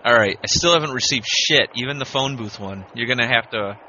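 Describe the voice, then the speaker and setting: Profane, bright-voiced man chatting. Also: mid-range voice, fairly quick, muffled recording, slight background noise. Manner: profane, joking, laid-back. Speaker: podcast host. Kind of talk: casual beer-review chat. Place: home studio.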